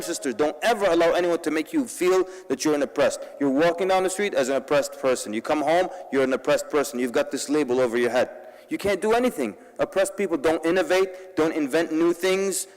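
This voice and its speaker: A fairly high-voiced man delivers a sermon-style talk to a convention crowd. He moves between lively storytelling with wry asides and urgent direct appeals to his listeners. His voice carries a long reverb from a large hall. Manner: addresses the audience directly and urgently. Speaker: convention speaker.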